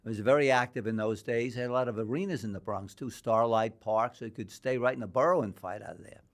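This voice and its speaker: A man's voice: medium pitch, quick pace. An older man from New York, a guest in a podcast interview, telling long rambling anecdotes and acting out the dialogue. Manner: rambling anecdotal storyteller, acts out quoted dialogue. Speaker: guest, boxing historian.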